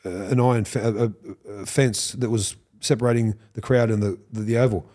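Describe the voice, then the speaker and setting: Australian man, fifties, warm mellow tone, animated storyteller, salty language. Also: lowish voice, a little fast. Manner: animated, swears, acts out quoted lines. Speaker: podcast guest. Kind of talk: storytelling interview.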